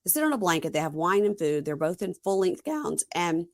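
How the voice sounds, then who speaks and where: A woman hosting a casual chat, with a fairly low voice. She recaps scenes by quoting the people in them, wry and exasperated. The sound is dry and close. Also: big pitch swings, brisk, no echo. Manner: retells scenes with quoted dialogue, wry and exasperated. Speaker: podcast host.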